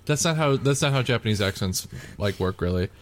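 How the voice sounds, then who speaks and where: A man's voice: lowish voice, animated, brisk. A man co-hosting a podcast, chatting casually and rambling with lots of filler words and teasing jokes. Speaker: podcast co-host. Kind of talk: casual chat.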